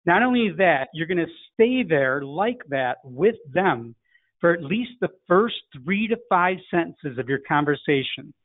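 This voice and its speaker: A man's voice: fairly high pitch, expressive, measured pace, no room sound. A middle-aged man from Chicago with a Chicago accent, teaching a sales lesson in a direct coaching manner. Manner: direct, coaching, acts out phone greetings. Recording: tinny phone-like dry sound.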